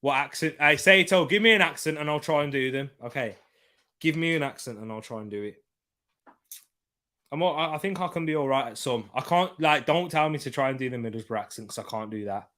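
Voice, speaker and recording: A man's voice: on the high side, a little fast, sharp tone. A man hosting a live football watchalong, giving casual match commentary in a rambling way, repeating himself and reading out chat comments. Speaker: host of a football watchalong stream.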